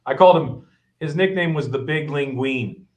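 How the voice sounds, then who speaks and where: A man's voice: a little high, normal speed. A middle-aged man, a guest chef, telling kitchen stories in casual chat, swearing freely and acting out the chefs he quotes. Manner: profane, animated, acts out quoted chefs.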